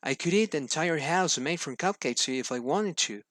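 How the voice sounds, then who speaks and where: A greedy, boastful dog from a children's storybook, voiced by a man reading aloud. The voice runs a little high, with a halting read. It sounds close and dry. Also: lively intonation, a bit bright, dry recording. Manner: hesitant reading with fillers.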